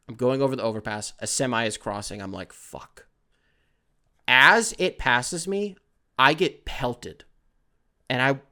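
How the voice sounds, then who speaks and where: A man in the middle of his range telling stories on his own podcast. He talks loosely and profanely, with lots of filler words, and ramps up into excitable bursts. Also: medium pitch. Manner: gets excitable and louder when worked up. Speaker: podcast host. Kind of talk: casual solo podcast storytelling.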